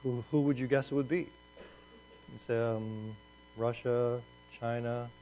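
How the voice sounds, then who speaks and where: A man preaching a conversational sermon with slides, animated and restarting phrases as he goes. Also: medium pitch, a little slow, a little hiss or hum, poor audio. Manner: animated, repeats words as he restarts. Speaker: pastor.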